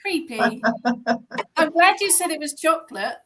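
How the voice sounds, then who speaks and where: Bubbly woman with a bright pitch. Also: normal speed. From England. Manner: chatty and bubbly, laughs often. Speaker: coven leader hosting an online ritual. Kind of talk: casual chat greeting participants. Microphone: video call.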